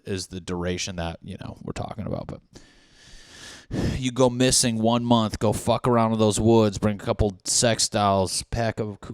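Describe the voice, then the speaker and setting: A young man rants solo on his own podcast in a lowish voice with a clean tone, recorded in clean studio sound with no room noise. Expect rambling riffs, lots of swearing, and acted-out lines of dialogue.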